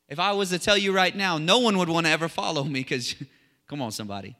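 A man preaching a sermon in a chatty, animated way, full of asides and restarts. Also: a little high, fast. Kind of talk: casual conversational sermon. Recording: long hall reverb.

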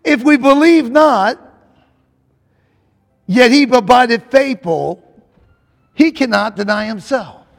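A man's voice: extremely high pitch, animated, slow pace, gravelly, pauses often, long reverb tail, faint music behind. A man preaching a sermon, emphatic and repetitive, calling out to the congregation.

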